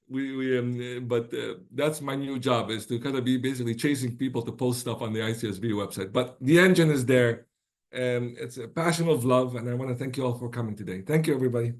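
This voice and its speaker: A man closing out an online presentation in a voice that has gone a little hoarse. He talks informally with restarts and keeps checking in with his listeners. His pitch sits mid-range. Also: fairly quick. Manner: informal, many restarts and rhetorical "right?". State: slightly lost voice.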